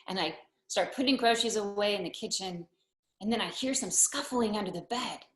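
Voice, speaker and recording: A woman telling a personal story live on stage, unhurried and wry, with deadpan asides. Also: mid-range voice. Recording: roomy hall echo.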